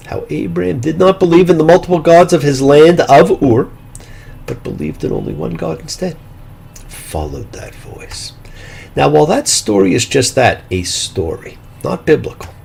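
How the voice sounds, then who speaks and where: A gravelly-voiced rabbi preaches a Torah lesson with a lively, swinging pitch. He slows down for drama and drops into hushed whispers. Faint hum underneath. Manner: slow, dramatic delivery with hushed whispered phrases. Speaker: rabbi and show host. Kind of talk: sermon-style Torah teaching.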